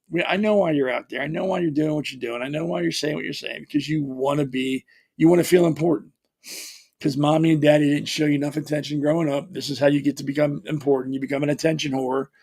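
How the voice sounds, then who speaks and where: A man with a gravelly, slightly high voice holds forth as a podcast host. He talks bluntly and combatively, mocks the people he is criticizing, and often restarts his sentences. The delivery is an unscripted opinion monologue. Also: a little mellow. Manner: repetitive restarts, frequent "you know". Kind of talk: opinionated political commentary monologue.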